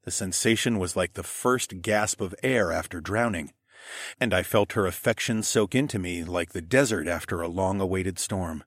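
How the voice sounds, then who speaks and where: A man narrating a first-person fantasy romance audiobook in an expressive storytelling manner. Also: low voice, normal speed, no echo, studio quality.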